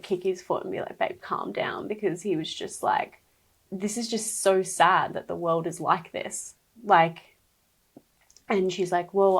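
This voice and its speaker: Speaking in a lowish, slightly breathy voice over a rough recording, a young woman shares her birth story as a podcast guest. It's an interview-style personal account, frank and emotional, loaded with fillers and bits of quoted dialogue.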